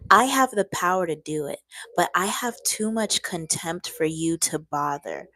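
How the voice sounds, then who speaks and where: A woman reading aloud and voicing a furious male emperor who rants slowly and emphatically. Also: lowish voice, animated, pushed and bright, no room sound, full character voice. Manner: angry, ranting, slowed and emphatic.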